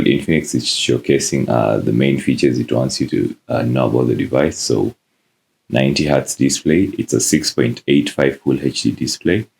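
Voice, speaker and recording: Male tech reviewer, very low and gravelly, casual unboxing talk with lots of fillers. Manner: relaxed, many "uh" fillers.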